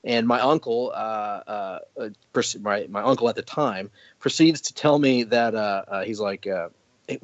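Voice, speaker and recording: A man telling stories in a casual podcast chat, his voice rising and falling in an animated way, with a laugh never far off. His sentences often restart as he goes. The audio is dry and a little muffled. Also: mid-range voice, dry recording. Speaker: podcast guest.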